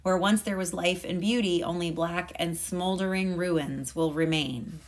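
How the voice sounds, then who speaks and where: A woman's voice: fairly low pitch, fairly even intonation, measured pace, natural voice. Woman reading as a squawking toucan. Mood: urgent. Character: squawking toucan, urgent and grave. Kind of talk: storybook read-aloud.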